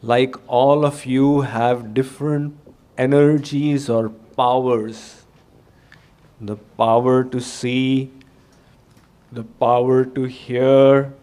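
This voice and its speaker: Slow, measured male spiritual teacher. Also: medium pitch, little pitch movement, warm tone, smooth. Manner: slow, measured storytelling with dramatic quoted voices. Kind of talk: sermon storytelling.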